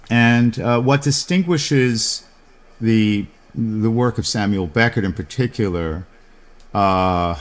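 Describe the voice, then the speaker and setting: A man hosting a podcast, talking about literature in a discursive lecture style, with many fillers and restarts. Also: on the low side. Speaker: podcast host.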